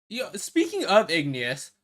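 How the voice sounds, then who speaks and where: A player in a tabletop game, joking and quick to laugh. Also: medium pitch, wildly swooping pitch, fairly bright tone, dry recording, clean studio sound. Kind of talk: casual tabletop play.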